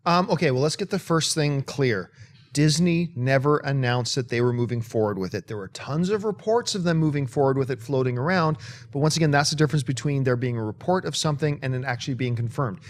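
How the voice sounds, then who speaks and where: A man's voice: mid-range voice, fairly quick. A man co-hosting a movie talk show, chatting casually and emphatically, with sudden bursts of enthusiasm. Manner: animated, emphatic, breaks into sung bits.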